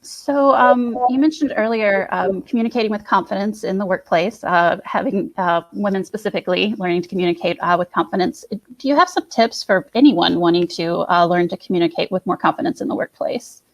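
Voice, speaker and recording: A woman asks interview questions in a hesitant way. She fills pauses with many fillers and restarts before getting to each question. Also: mid-range voice.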